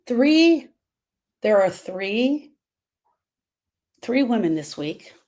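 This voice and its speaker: A woman's voice: on the high side, very animated, extremely slow, darkish tone. A woman grief coach talking casually to viewers on a live stream, earnest and repeating herself as she drifts off topic.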